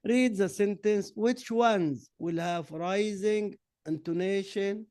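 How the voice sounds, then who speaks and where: An Egyptian-accented English teacher, a native Arabic speaker, mixes Arabic and English in a classroom lesson. His high, slightly mellow voice moves at a slow, deliberate drilling pace as he reads answers word by word, captured in a dry, close recording with no echo.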